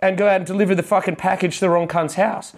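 A man's voice: sits high, steady tone, quick pace. Podcast co-host, male, fired-up profane ranter with a slightly raised voice. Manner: profane, heated, mocking. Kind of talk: sweary comic rant.

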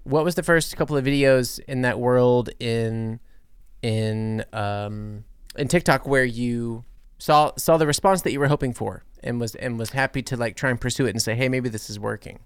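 Rambling male host, clear voice. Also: medium pitch, normal speed, dry recording, studio quality. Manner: rambling questions, self-mocking jokes. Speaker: podcast host. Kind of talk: casual interview chat.

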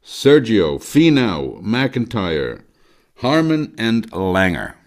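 Slow-talking man with a lively voice. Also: on the low side. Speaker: panel member reading team lists. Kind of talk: casual chat.

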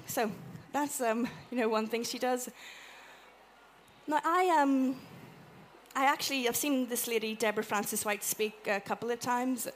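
A woman with an Irish accent giving a chatty, animated talk to a live audience, acting out little quotes as she goes. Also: a little high, normal speed, slight background noise. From Ireland. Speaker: conference speaker. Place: event room with an audience.

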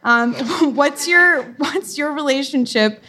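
A woman's voice: sits high, slow pace, bright, forceful tone. A woman hosting an onstage interview, chatty and self-deprecating. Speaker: host interviewer.

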